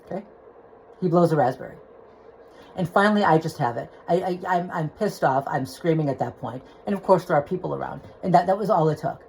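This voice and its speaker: A woman's voice: low voice, a little fast, creaky, a little mellow, a little hiss or hum, rough recording. A woman telling a personal story into her phone, agitated and rambling, with restarts and swearing. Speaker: vlogger.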